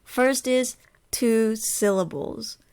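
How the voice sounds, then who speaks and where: A woman teaching an English lesson in a slow, patient way, saying example words and repeating them. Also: fairly high pitch, vocal fry, a little mellow, clear, resonant tone. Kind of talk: ESL lesson.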